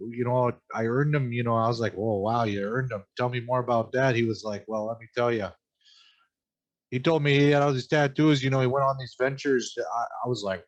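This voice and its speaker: A man playing an eager young male scholar who rambles and overshares, filling every pause with "you know.". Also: mid-range voice, muffled recording, natural voice. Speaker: player in character. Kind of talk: tabletop role-play.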